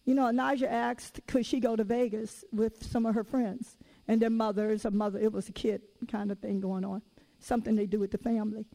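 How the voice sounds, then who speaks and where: A woman with a high voice delivers a sermon, weaving personal stories into it. Her talk is lively and conversational, full of casual everyday phrasing. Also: a little fast, creaky, low-quality recording. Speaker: preacher.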